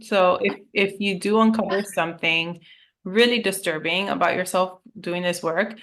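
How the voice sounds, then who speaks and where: A woman life coach talks candidly in a relaxed podcast conversation. She tells her stories with animation and lets the odd swear word slip. Her voice sits a little low. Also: normal speed.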